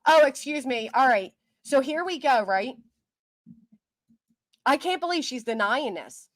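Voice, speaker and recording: This is a woman hosting a casual livestream chat. She talks in an indignant, ranting way. Her voice sits a little high, and the sound is dry and close. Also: expressive, a little slow, no room sound. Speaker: livestream host.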